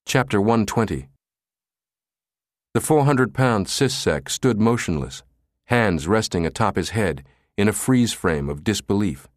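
Expressive male audiobook narrator, low voice. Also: unhurried, no echo, clean studio sound. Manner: dramatic, expressive reading. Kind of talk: scripted narration.

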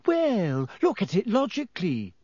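A man's voice: high-pitched, wildly swooping pitch, measured pace, darkish tone, slightly rough, no room sound, clean studio sound, voice pushed up, heavily acted. Hermione: a man doing a bossy clever schoolgirl. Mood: earnest. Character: earnest, bossy schoolgirl, logical and impatient. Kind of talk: audiobook character voice.

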